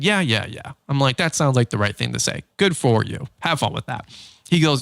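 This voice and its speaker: A man hosts a podcast in an easygoing spoken monologue, his voice sitting in a middle range. He tells stories with energy and slips into lively quoted voices, with plenty of fillers and restarts. The sound is dry and close, with no room around it. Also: medium pitch, fairly quick, vocal fry, dry recording. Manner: animated storytelling, acts out quotes. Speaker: podcast host. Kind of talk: casual monologue.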